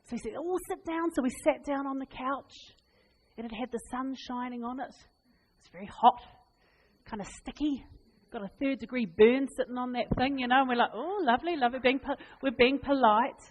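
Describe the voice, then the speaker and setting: A woman preaching a sermon, telling funny family stories with laughs and lively asides. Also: high-pitched, moderate pace, slight background noise. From New Zealand. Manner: animated, laughing, chatty anecdotes. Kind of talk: humorous storytelling sermon. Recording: long reverb in a hall.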